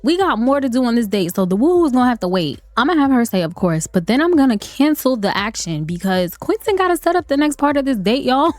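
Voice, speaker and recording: A woman's voice: high-pitched, very animated, fast, hardly any pauses, no echo, studio quality, faint music behind. A woman giving playful, chatty commentary over a life-sim game, laughing often. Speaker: let's play host. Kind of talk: gameplay commentary.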